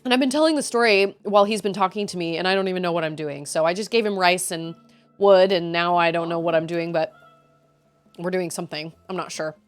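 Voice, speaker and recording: A woman's voice: lowish voice, a little fast, clean tone, faint music behind. A woman streaming a game, venting in casual chat to her viewers, rambling with frequent restarts. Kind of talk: casual chat while gaming.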